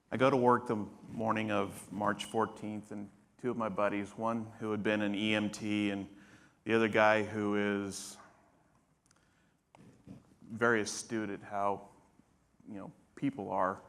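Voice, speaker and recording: A man's voice: lowish voice, flat delivery, unhurried, gravelly, long pauses, a bit bright. A man in his fifties, a patient, telling his story casually on stage, with humor and acted-out quotes of others. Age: 50s. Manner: casual, humorous, acts out others' lines in dialogue. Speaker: patient guest. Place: conference stage.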